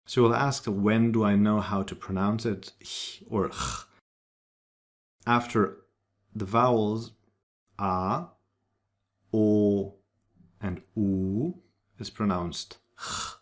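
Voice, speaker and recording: A man's voice: mid-range voice, animated, takes it slowly. A man teaching a pronunciation lesson, spelling out sounds and carefully repeating example words. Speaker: language teacher. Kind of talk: slow, deliberate pronunciation lesson.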